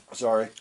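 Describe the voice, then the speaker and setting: A man co-hosting a podcast, giving a loose, rambling recap of a wrestling show while getting over a cold. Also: a little mellow. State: has a cold, coughing. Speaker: podcast co-host.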